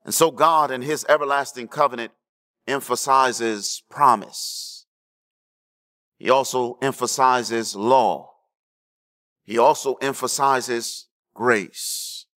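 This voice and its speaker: A man preaching a sermon, checking in with the congregation and swinging between hushed low lines and raised emphatic ones. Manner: preaching with call-and-response asides to the congregation. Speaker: pastor.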